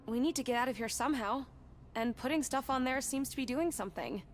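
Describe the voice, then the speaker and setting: A woman's voice: high voice, fast talker, slight background noise, lightly acted. A woman voicing a sceptical young reporter. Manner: skeptical, practical. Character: plucky young woman journalist with camera. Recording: game dialogue over loud music.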